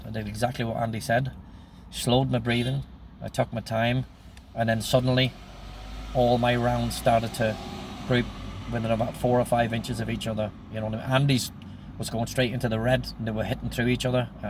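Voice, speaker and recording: A man in his sixties tells an old story in a loose, rambling way, stacking up quoted lines. His voice is gravelly and fairly flat in pitch, and a faint hum of traffic sits in the background. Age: 60s. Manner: rambling retelling, quoting others with repeated "he says", "he goes". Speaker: vlogger telling his life story. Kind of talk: casual spoken storytelling.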